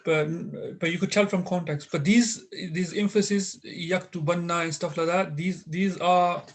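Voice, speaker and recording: Over a video call, a man teaches an online Arabic class, patiently walking through grammar with frequent pauses, fillers and restarts. His voice is high, and his intonation stays fairly even.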